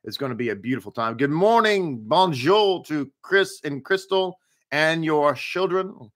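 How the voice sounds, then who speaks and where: Upbeat bright-voiced rabbi. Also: male voice, fairly high pitch, animated, measured pace. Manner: upbeat, chatty, talks straight to viewers with rhetorical questions. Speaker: rabbi teaching a daily Torah study. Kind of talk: live-streamed teaching and greetings to viewers.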